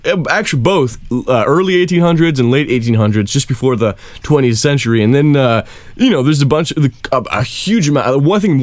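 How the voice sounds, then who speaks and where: A man co-hosting a casual comedy podcast, animated, laughing often and swearing freely. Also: mid-range voice, dry recording. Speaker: podcast co-host.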